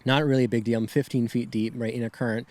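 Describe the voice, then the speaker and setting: A young man, shaken and near tears, recounts a personal story as a podcast guest, with halting, rambling phrasing and many tag questions. His voice sits in the middle of the range, and the recording is dry and close. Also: mid-range voice, fairly even intonation, a little mellow, no room sound. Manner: rambling, filler-heavy, says "right?" and "man" often.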